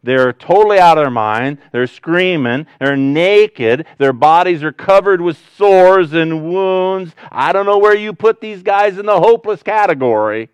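Smooth-voiced man preaching a sermon. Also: high-pitched, a little slow, hardly any pauses, no echo. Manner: conversational, animated preaching with sudden loud rises and quiet drops. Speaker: pastor.

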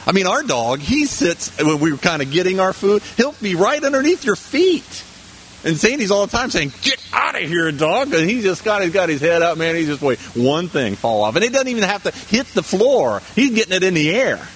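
A man's voice: high-pitched, big pitch swings, fairly quick, a little hiss or hum. A man preaching a sermon in a conversational manner, with asides and rhetorical questions to the congregation. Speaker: pastor.

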